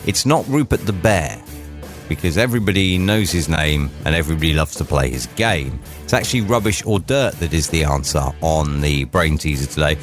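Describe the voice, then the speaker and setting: Low-voiced radio host. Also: male voice, lively intonation, moderate pace, soft background music. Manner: chatty, jokey asides. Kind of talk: casual talk radio.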